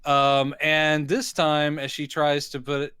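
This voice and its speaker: A man's voice: fairly high pitch, monotone, a little slow, bright, forceful tone, smooth, no room sound. A man co-hosting a casual movie recap, animatedly acting out characters' lines in jokey voices. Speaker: podcast co-host.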